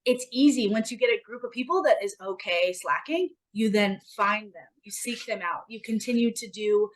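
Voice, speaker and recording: A woman co-hosts a casual podcast chat, speaking emphatically and motivationally and swearing in a relaxed way. Her voice is mid-range at a moderate pace, and the audio quality is poor.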